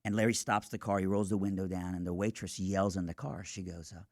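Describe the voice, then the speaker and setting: A man with a lowish voice tells his story with animated, earnest energy on a radio show. He is recorded close and dry in a studio. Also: dry recording. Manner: animated, earnest, quick asides. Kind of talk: storytelling testimony.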